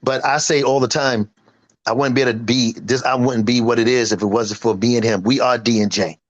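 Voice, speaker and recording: In a muffled recording, a singer and producer in his fifties gives an animated, casual interview. His mid-range voice holds a steady tone at a brisk clip as he talks emphatically, boasts, and acts out what friends told him.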